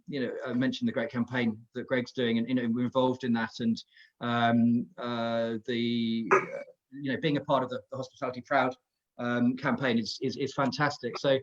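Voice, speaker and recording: A man speaking as a guest on an online webinar, halting and full of restarts and fillers. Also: mid-range voice. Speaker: panel guest. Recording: muffled video-call audio.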